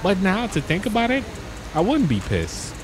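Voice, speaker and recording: A young man telling stories in a casual, slangy way while commenting on his gameplay, getting excited as he talks. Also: high voice, normal speed, background noise. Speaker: gaming YouTuber.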